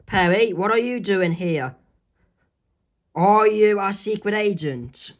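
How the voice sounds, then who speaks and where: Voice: medium pitch, slow pace, pitched above the performer's own voice, close to an everyday voice. A reader voicing a teenage girl from a comic strip, read plainly in an amateur comic read-aloud. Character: teenage girl locked up and protesting innocence.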